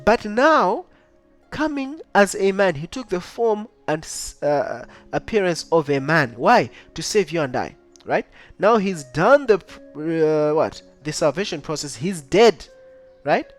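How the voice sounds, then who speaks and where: A man teaching a Bible study lesson, reading verses aloud and keeping up a steady stream of rhetorical questions to his listeners. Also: on the high side, unhurried, faint music behind. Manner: keeps asking the listener rhetorical questions like "right?" and "what?"; reads scripture aloud in old-style wording.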